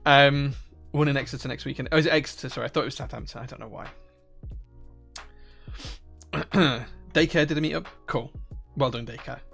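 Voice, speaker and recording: Gravelly Northern Irish man chatting on stream. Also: medium pitch, brisk, long pauses, a bit bright, faint music behind. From Northern Ireland. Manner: rambling, many restarts and fillers. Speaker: livestream host. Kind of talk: casual live-stream chat, reading chat questions.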